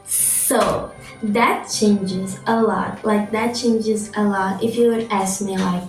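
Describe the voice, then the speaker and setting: Teen girl vlogging, slow and chatty with lots of "like", kinda far from the mic in an echoey room, faint music behind. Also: medium pitch, fairly even intonation. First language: Portuguese. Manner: chatty, frequent fillers, self-correcting. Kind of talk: casual Q&A vlog.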